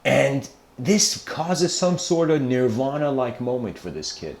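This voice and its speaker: A lecturer gives an informal philosophical talk, rambling, correcting himself, and leaning on lots of "you know" fillers. His mid-range voice moves slowly with big pitch swings, recorded in an echoey room.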